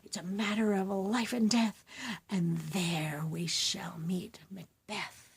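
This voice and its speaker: A woman voicing three old witches, chanting a spell slowly and theatrically and sinking to a whisper. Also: medium pitch, steady tone, creaky, husky, voice pushed down, exaggerated voice. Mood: ominous.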